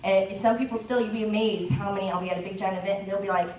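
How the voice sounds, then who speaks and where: A woman in her thirties leads a sales team training, chatty and full of jokes and laughter. Her middle-pitched voice is caught from some distance, bouncing around a roomy space. A faint ambience sits behind her. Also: little pitch movement, very fast, a little mellow, slight background noise. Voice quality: chatty, joking, laughs often. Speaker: direct sales team leader giving a training talk. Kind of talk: chatty live presentation.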